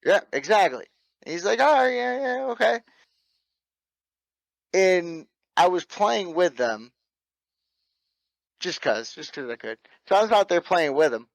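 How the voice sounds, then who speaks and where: A man's voice: on the high side, expressive, a little slow, dry recording, rough recording. A middle-aged man, an airsoft field owner, telling stories in casual chat, laid-back and swearing freely with laughs. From North Carolina.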